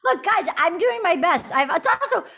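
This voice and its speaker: A woman hosting a comedy podcast, talking animatedly with loud laughs and rambling restarts. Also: very high voice, big pitch swings, moderate pace, creaky. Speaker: podcast host. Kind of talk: casual comedic chat.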